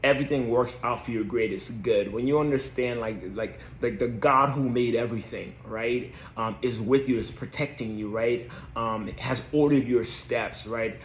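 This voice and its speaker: A man's voice: mid-range voice, moderate pace, few pauses, roomy sound, a little hiss or hum. A man hosting a casual devotional talk, hesitant and dotted with "um" and "right?". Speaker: faith video host.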